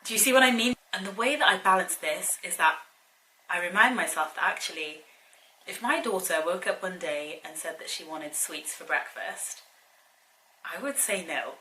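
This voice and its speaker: Young woman vlogging, chatty and earnest, lowish bright voice, bit of room echo. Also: lively intonation, normal speed, a little hiss or hum. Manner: chatty, earnest, challenging the viewer. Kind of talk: casual advice vlog. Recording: echoey room.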